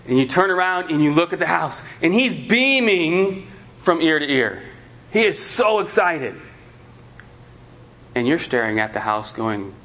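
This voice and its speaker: A man's voice: on the high side, expressive, normal speed, a bit bright, poor audio. A man preaching to parents in a conversational sermon style, telling a story and acting out the lines of the people in it. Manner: conversational preaching with acted-out quotes. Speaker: pastor.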